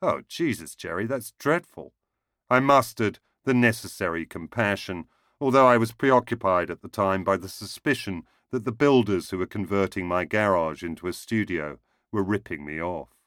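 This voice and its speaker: A man reads a short story aloud in a wry, understated way. His voice sits low. The recording is dry and close-miked. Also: normal speed, a bit bright, no room sound. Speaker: narrator.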